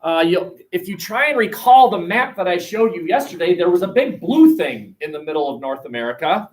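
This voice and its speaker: A male history teacher giving a classroom lecture, animated and jokey, with many restarts and fillers. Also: high-pitched, brisk, distant mic, low-quality recording.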